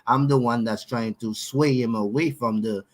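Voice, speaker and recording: A man's voice: mid-range voice, fairly even intonation, moderate pace, poor audio. A man on a live online panel, blunt and dismissive, talking in casual street slang. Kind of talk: casual call-in chat.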